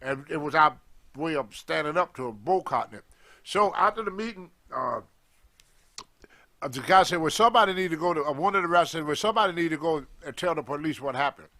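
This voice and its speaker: A man telling a story in casual talk, animated and acting out the voices of the people in it, with loose grammar. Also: on the high side, fast talker. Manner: animated, acts out others' voices in his stories, loose grammar. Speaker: guest storyteller, former wrestler.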